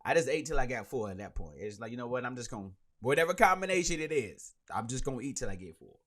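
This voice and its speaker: A man's voice: mid-range voice, animated, fast, fairly bright tone. A man hosting his own podcast, ranting and joking in casual solo sports talk. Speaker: podcast host.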